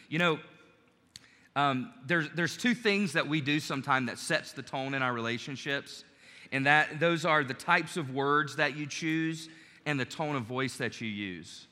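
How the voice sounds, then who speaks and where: A male pastor preaches with a bright, forceful voice, a little higher than most men. He talks to the congregation in a conversational way and acts out quoted lines. His voice rings out in a church hall with long reverb. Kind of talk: sermon.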